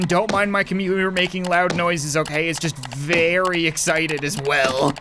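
A man talks through a game in a casual commentary voice, pitched a little above most men. He cracks crude jokes and laughs often at his own remarks. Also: a little slow, hardly any pauses, noisy background. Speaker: gaming video host.

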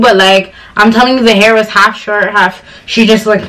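A woman's voice: mid-range voice, moderate pace, few pauses, recorded from a distance, poor audio. A young woman from Ghana, chatting casually and rambling as a vlogger talking to camera. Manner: chatty, rambling storytelling with animated quoted voices.

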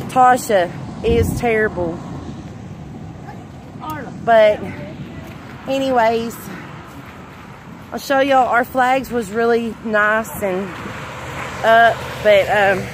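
Chatting casually on a livestream, a middle-aged woman from Arkansas with a Southern accent stands outdoors at a fireworks tent after a storm, phone held at arm's length. Her fairly high voice comes with background noise, and she's a little out of breath, affectionate and chatty, reading comments aloud and laughing frequently.

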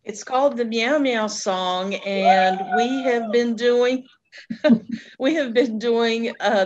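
A woman librarian leading a children's song, explaining cheerfully and singing simple tunes. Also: mid-range voice. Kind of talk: children's program chat and singing. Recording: dull lo-fi audio.

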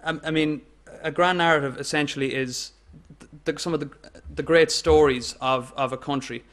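A man with an Irish accent giving an academic lecture in a measured way, with fillers and restarts. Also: fairly high pitch, steady tone, a bit bright. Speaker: guest lecturer.

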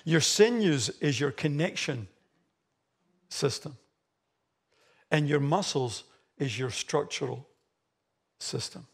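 Gravelly Australian pastor preaching. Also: male voice, on the high side, expressive, takes it slowly, long pauses. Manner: emphatic preaching, rising loud on key phrases. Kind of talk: sermon. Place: church hall.

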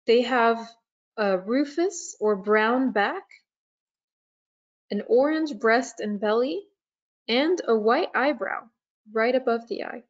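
A woman presents an online webinar in a slow, hesitant way, filling her pauses with "um" and "uh". Her voice sits a little high. The sound comes through a dull, lo-fi computer mic. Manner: slow, hesitant, many fillers. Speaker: nature preserve staff presenter.

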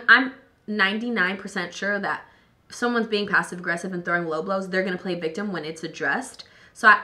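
A young woman vlogging, tipsy and a little hoarse, chatting loosely and with plenty of swearing while doing her makeup at home. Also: mid-range voice, pushed and bright. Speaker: beauty vlogger.

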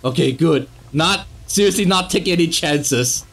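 A young man giving sarcastic let's play commentary on a horror game, swearing and yelling at jump scares. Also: a little high, normal speed, faint music behind. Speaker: gaming YouTuber.

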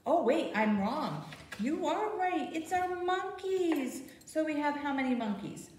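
Lady librarian doing baby storytime, kinda high voice, sing-songy, sounds roomy and a bit far off. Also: a little slow. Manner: animated, sing-song, asks babies questions. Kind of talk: baby storytime with rhymes and picture book. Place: library program room.

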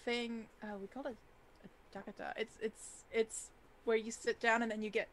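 A woman from Austria with an Austrian accent, co-hosting a casual podcast chat, lively and swearing freely. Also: fairly high pitch, moderate pace. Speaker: co-host.

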